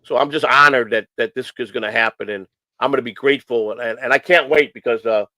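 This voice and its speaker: A man's voice: mid-range voice, fast talker, bright, forceful tone, no echo, poor audio. Rambling, earnest man talking. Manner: rambling, repeats phrases, many restarts; earnest and emotional. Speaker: host of a morning stream show. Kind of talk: casual rambling talk.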